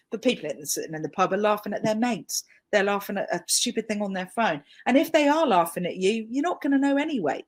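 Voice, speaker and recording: Chatty British woman trainer, lowish voice. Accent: British English. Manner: chatty, self-deprecating, emphatic. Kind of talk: live webinar training talk.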